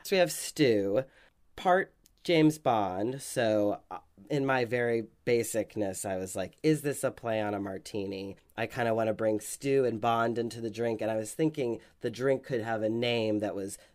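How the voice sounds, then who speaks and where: A man's voice: fairly low pitch, moderate pace, darkish tone. A man hosting a podcast, who talks in a loose, improvised way and thinks aloud as he goes. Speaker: podcast host. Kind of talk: casual podcast chat.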